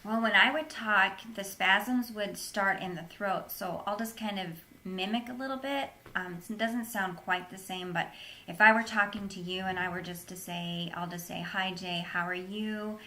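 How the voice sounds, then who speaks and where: Woman, interview guest, earnest, steady, bright tone. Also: medium pitch, normal speed. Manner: earnest, plain-spoken, steady. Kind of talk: recounting a personal story.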